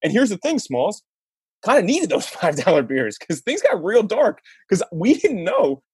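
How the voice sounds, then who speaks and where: A man hosting a podcast, telling a sports story in a lively casual way and laughing as he talks. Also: high voice, moderate pace, husky, no room sound. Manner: animated storyteller, laughs mid-sentence. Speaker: podcast host.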